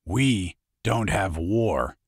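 Man reading a quiet, weary older father. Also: fairly low pitch, expressive, moderate pace, dry recording, studio quality. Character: tired, grim middle-aged man and father.

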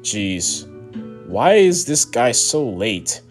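Excitable young man reacting loudly. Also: medium pitch, extremely slow, soft background music. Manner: excitable, swears, laughs often. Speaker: streamer. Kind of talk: casual comic read-along.

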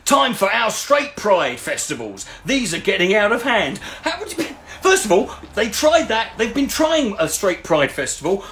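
A man's voice: high voice, big pitch swings, moderate pace, a bit bright, a little hiss or hum. A man doing sarcastic, sweary commentary on comments he reads out, rambling and restarting as he mocks them. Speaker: YouTube commentator.

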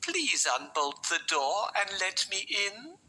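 Storybook wolf faking a mother's sweetness, bright and sugary, played by a woman. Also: mid-range voice, sing-song, slow, full character voice, rough recording. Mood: coaxing. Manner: sugary, sing-song, coaxing. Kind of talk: storybook reading.

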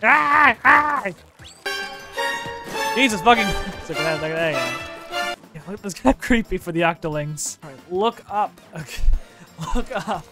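A young man giving swear-heavy, excitable let's play commentary, laughing often. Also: a little high, normal speed. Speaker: gaming YouTuber. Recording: faint game music behind.

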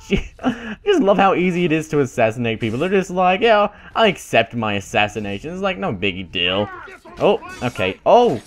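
A young man commenting on his own gameplay, his fairly high voice jumping all over the place as he reacts. He's excitable and sarcastic, cracking jokes at the game's expense between bursts of frustration. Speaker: gaming channel host. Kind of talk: let's-play commentary.

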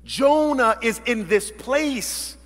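A male pastor delivers a dramatic sermon in a high, ringing voice, slipping into quoted voices and shifting from loud outbursts to near whispers. His words trail off into a long reverb that fills the church sanctuary. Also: slow pace. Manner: dramatic, acts out quoted voices, swings between loud and hushed.

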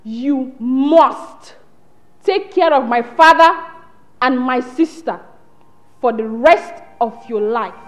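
An actress playing the vengeful ghost of a young woman, with a Nigerian accent, giving slow, commanding orders. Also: high voice. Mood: menacing.

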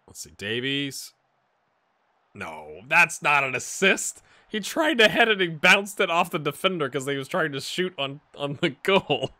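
A man giving casual, amused commentary while playing a football management game, getting excited during the action. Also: a little high, a little slow. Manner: chatty, amused, jumps to excited play-by-play. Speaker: gaming YouTuber. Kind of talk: casual let's-play commentary.

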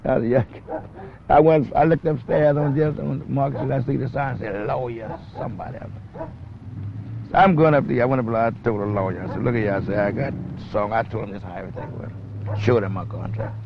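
Gravelly older man spinning yarns. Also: medium pitch, fairly quick, background noise. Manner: drawling, acts out other people's lines in quotes. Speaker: blues musician. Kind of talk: rambling storytelling. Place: outdoors in a city. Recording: dull old archive film audio with music. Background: music.

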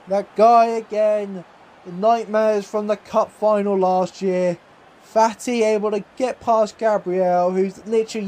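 A young man giving live commentary over his own football video game, swinging between gloomy mutters and excited yells at chances. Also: high-pitched, slight background noise. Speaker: gaming YouTuber.

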